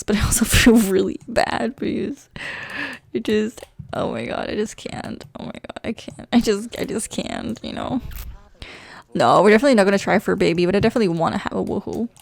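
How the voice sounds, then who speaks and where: A woman giving casual let's play commentary, excitable and chatty, gushing about her game characters. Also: medium pitch, vocal fry, no room sound.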